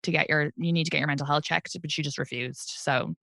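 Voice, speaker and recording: A woman's voice: low voice, steady tone, fast talker, vocal fry, a bit bright, no room sound, studio quality. An Irish woman in her thirties, a comedian chatting candidly as an interview guest and laughing often. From Ireland. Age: 30s. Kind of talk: casual interview chat.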